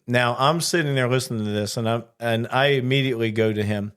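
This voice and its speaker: A man's voice: mid-range voice, brisk, few pauses, clean tone. A man co-hosting a casual chat podcast, telling stories animatedly and acting out the exchanges he quotes. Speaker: podcast co-host, flight attendant.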